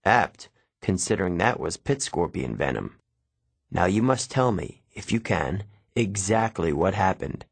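A man voicing an older male centaur teacher, measured and gentle, in an audiobook. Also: low-pitched, sing-song, vocal fry, breathy edge, no echo, exaggerated voice.

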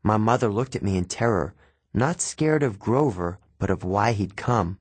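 A man narrating a first-person audiobook with measured, expressive storytelling. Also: fairly low pitch, breathy edge, no room sound.

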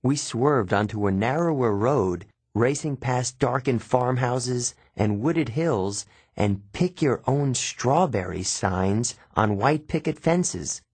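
A man reading first-person fiction as an audiobook narrator, plain and steady. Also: mid-range voice, slow, few pauses, breathy edge, no echo.

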